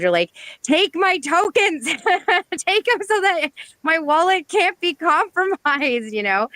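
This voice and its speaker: Guest, female, bright voice, dry close sound, earnest and filler-heavy. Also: medium pitch, clean tone, dry recording, poor audio. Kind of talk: casual live audio chat.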